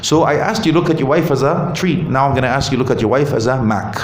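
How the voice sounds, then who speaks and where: A man giving a lively talk on marriage at a mosque, asking the audience questions and joking. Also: medium pitch, fast. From Canada. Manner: animated, asks the audience questions, jokes. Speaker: visiting Islamic speaker. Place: mosque hall. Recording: roomy hall with faint ambience.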